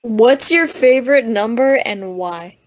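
A woman's voice: on the high side, animated, measured pace. A young woman co-hosting a casual group podcast over a voice call, giggling often and calling out whose turn it is. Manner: giggly, runs the turn order. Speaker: podcast co-host.

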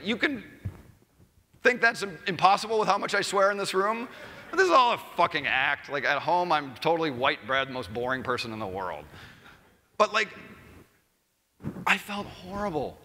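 A man's voice: a little high, big pitch swings, moderate pace, sharp tone, a little hiss or hum. A man giving a casual storytelling talk at a conference, swearing freely and rambling with lots of "like.". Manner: profane, rambling with many "like"s. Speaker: conference speaker. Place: large conference hall with a live audience. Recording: reverberant hall sound.

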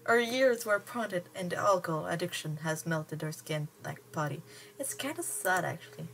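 A woman's voice: on the low side, expressive, normal speed, creaky, a little hiss or hum, poor audio. A young woman reading a story aloud for a game stream, stumbling over words and breaking off into giggly asides. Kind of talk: casual read-aloud with commentary.

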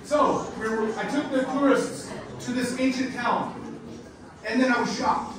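An American man lectures a big class in an animated storytelling way, keeping his words simple for learners. His voice sits high for a man. It carries through a very echoey hall, heard from some distance with steady noise behind. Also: normal speed. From United States. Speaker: guest lecturer and nature guide.

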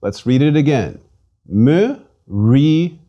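Slow, patient man teaching a lesson. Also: medium pitch, very animated, highs cut off. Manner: slow, patient, enunciates each letter and syllable. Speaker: language instructor. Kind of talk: scripted language lesson.

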